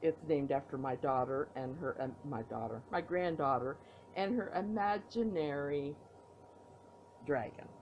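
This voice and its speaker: A woman's voice: low-pitched, dull audio, a little hiss or hum. A tired middle-aged woman hosting a knitting podcast from her home, chatting casually and rambling as she shows her projects with playful reveals. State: tired, yawning. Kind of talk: casual show-and-tell chat. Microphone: tablet recording.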